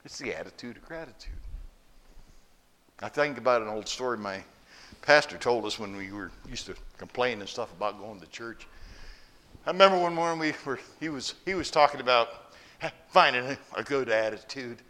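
A man's voice: mid-range voice, normal speed, sharp tone. Guy preaching a sermon in church, tells stories, asks the folks questions. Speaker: pastor.

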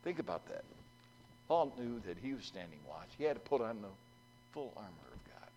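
A man's voice: fairly low pitch, big pitch swings, a little fast, darkish tone, a little hiss or hum, rough recording. A man preaching a sermon in a folksy way, asking the congregation questions and acting out the voices in a story he tells. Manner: acts out voices in a told story.

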